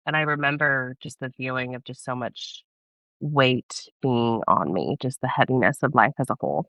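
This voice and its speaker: A young woman from Texas, a podcast guest, earnestly telling a personal story in a casual interview, animated and laughing often. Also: very deep voice, normal speed, no room sound.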